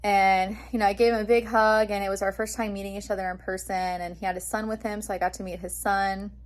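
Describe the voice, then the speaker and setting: Young woman, vlogger, chatty storytelling, lots of fillers, excited. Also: mid-range voice, fast. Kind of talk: casual storytelling vlog.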